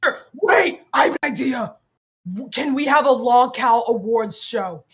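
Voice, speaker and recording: Bubbly high-voiced woman co-host. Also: unhurried. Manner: bubbly, excitable, jumps between thoughts. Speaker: podcast co-host. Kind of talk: casual podcast chat.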